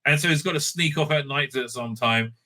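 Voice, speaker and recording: A man's voice: medium pitch, fairly quick, bright, forceful tone. A man giving a crude, mocking, rambling recap of a reality show episode, full of fillers. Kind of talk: casual recap commentary. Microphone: streaming setup mic.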